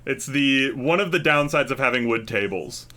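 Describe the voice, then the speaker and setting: A man's voice: mid-range voice, expressive, normal speed, bright, forceful tone. A man narrating a tabletop game as game master in a casual, hesitant way with many fillers.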